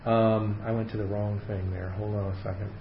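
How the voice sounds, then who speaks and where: A man's voice: fairly low pitch, flat delivery, normal speed. Guy teaching bible study, lots of ums and restarts, roomy echo, kinda dull muffled sound. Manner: explanatory, thinks aloud with fillers and restarts. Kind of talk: casual Bible study lesson. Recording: echoey room, dull sound, faint hiss.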